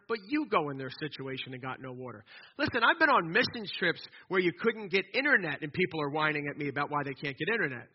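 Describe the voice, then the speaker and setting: A man preaching a sermon in an animated, conversational way, often restarting his sentences. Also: high-pitched, fast talker, breathy edge. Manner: animated, conversational preaching with repeated false starts. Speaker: pastor. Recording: dull lo-fi recording.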